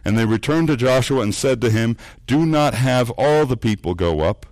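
A man preaching a sermon, earnest, repeating words as he builds points and dropping low and soft for emphasis. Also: lively intonation, moderate pace, dry recording. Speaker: pastor.

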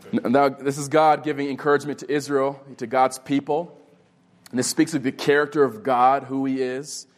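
A man in his thirties preaching a sermon as a youth pastor, telling a personal story with earnest, rising emphasis. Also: medium pitch. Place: retreat meeting room.

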